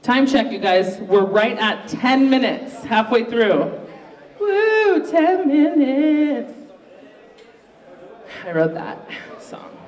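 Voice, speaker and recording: A host running a live student pitch contest in a university library event room. The host is chatty and upbeat and pokes fun at their own slip-ups. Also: distant mic. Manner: upbeat, chatty, self-mocking. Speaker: game show host. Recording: roomy, echoey room recorded from afar.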